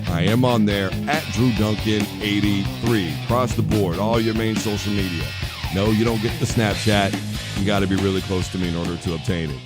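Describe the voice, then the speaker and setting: A man hosting a sports talk show in a studio, joking and spinning long comic comparisons. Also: on the low side. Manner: animated, jokey, tells long comic analogies. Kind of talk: casual sports radio talk. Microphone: studio microphone.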